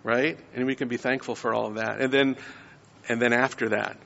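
Man preaching with a gravelly voice. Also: mid-range voice, fairly even intonation, brisk, fairly bright tone, big-room sound, lo-fi sound. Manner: conversational, frequent "right?" tags. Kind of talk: sermon.

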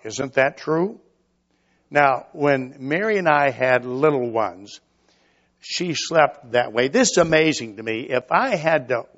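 Older male preacher, folksy storyteller, slow deliberate delivery, slightly muffled recording. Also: mid-range voice, fairly bright tone. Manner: folksy storytelling with quoted asides. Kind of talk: sermon.

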